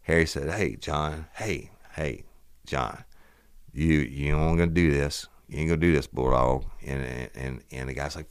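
A man's voice: a bass voice, normal speed, clean tone, no echo, clean studio sound. A middle-aged man, hosting a podcast and telling a police story in a profane, rambling, casual way. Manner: profane, rambling, animated retelling of a police call. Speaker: podcast host.

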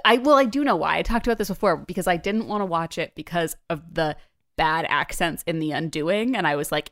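A young woman co-host with a fairly low voice who talks with candid enthusiasm and swears casually. Her easy chat comes across close and dry. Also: brisk, no echo. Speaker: podcast co-host.

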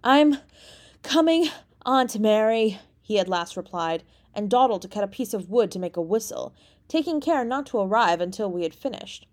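A woman audiobook reader narrating a classic story in a measured, even way. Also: mid-range voice. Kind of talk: scripted narration.

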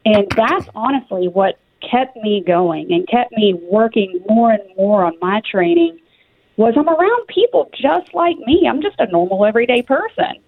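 A woman with a Southern US accent from Tennessee speaks as a guest on a radio interview, earnest and conversational. Her voice is on the high side and creaky, with big pitch swings and a moderate pace. The recording is dry and sounds like a phone line.

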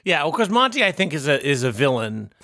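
A man co-hosting a comedy podcast, pitching ideas in an excitable, jokey mock-salesman manner. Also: brisk, dry recording, studio quality.

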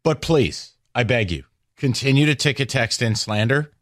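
Sarcastic, animated sports radio host man. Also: medium pitch, normal speed, no echo, clean studio sound. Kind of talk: heated sports talk radio. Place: radio studio.

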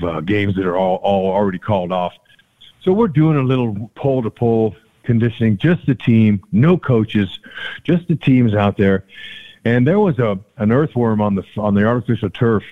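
An older man, a former ballplayer, telling stories as a podcast guest, acting out the quotes with big jumps in his voice. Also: lowish voice. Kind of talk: storytelling in a casual interview. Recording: tinny phone-like line.

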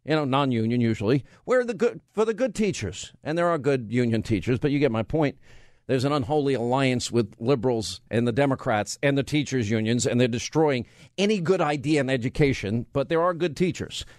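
A man's voice: medium pitch, expressive, a little fast, darkish tone, no room sound. A man hosting a talk radio show, firing off rhetorical questions and bantering with his studio crew. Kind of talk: conservative talk radio monologue. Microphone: studio mic.

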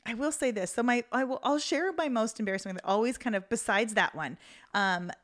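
A woman's voice: on the high side, fast talker, fairly bright tone. Chatty woman podcaster telling a story. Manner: chatty, filler-heavy, laughs through her story. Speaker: podcast co-host. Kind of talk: casual storytelling chat.

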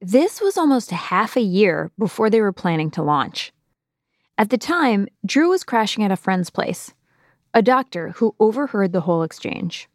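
A woman narrating a podcast in clear, even scripted delivery. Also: mid-range voice, moderate pace, no echo, clean studio sound.

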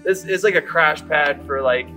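Male interviewee, rambling casual anecdote, swears freely, slightly high voice, soft music behind. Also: moderate pace. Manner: rambling, swearing, quoting others with "I was like". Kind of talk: casual storytelling.

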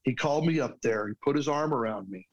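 Man, mid-pitched, guest sharing a heartfelt personal story, earnest, restarts now and then. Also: lively intonation, fast, dull audio. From United States.

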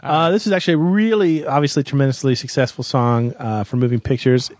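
Man, mid-pitched voice, dry sarcastic jokes, co-host of a music countdown, close dry sound. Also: steady tone, fast talker, darkish tone, dry recording. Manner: dry, sarcastic one-liners. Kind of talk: comedic music-countdown banter.

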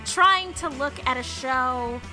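Hesitant, laughing female podcast guest, high and lively, music under her. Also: takes it slowly. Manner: hesitant, laughing, filler-heavy. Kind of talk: casual podcast chat.

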